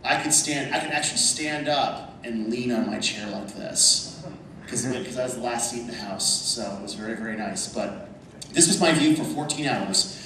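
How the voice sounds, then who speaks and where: A man speaking at a convention panel, telling a story over slides in an animated way and calling the audience "folks". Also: medium pitch, normal speed. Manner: animated, addresses the crowd as folks. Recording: echoey hall from far off, noisy.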